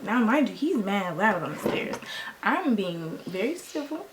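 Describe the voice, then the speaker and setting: A woman's voice: medium pitch, normal speed, heavy background noise. A young woman vlogger telling a story in casual slang while she does her makeup, acting out what each person said. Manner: animated, slangy, acts out quoted lines. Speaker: beauty vlogger.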